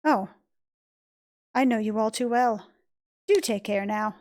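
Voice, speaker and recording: A woman voicing a mysterious, calm young boy from a game cutscene, speaking in a soft, measured, cryptic way. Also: on the high side. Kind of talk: reading game cutscene lines aloud.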